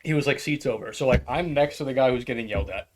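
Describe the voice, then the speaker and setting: A man chats on a podcast. He tells a story at an easy mid pitch, laughs often and slips into quick impressions of the people in it. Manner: animated storyteller, acts out quotes, laughs often. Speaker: podcast co-host. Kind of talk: casual chat, storytelling.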